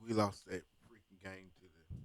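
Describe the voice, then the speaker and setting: A man's voice: low voice, little pitch movement, moderate pace, no room sound. A man co-hosting a sports talk show, joking and teasing in loose colloquial chat. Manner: playful, teasing, Southern colloquial speech. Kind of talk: casual sports radio chat.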